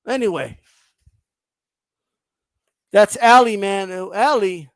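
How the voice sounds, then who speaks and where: A man's voice: sits high, sing-song, takes it slowly, long pauses, sharp tone, no echo. A man hosting a casual boxing livestream, ranting bluntly and profanely and reading viewer comments aloud.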